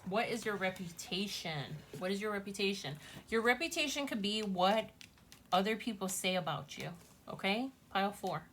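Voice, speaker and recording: A woman's voice: medium pitch, animated, normal speed, a bit bright, a little hiss or hum. A woman casually chatting to viewers as she gives a tarot reading, gushing and talking straight to her audience. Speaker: tarot reader.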